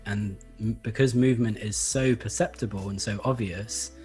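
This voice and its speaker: A man explaining Feldenkrais practice in a relaxed interview, thoughtful and hesitant, with many fillers. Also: lowish voice, moderate pace, faint music behind. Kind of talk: conversational interview.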